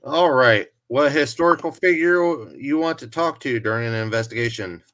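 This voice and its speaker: A man's voice: mid-range voice, lively intonation, normal speed, a bit bright, dry recording. A man on a casual comedy panel reading out prompts from a list, laughing at his own mix-ups.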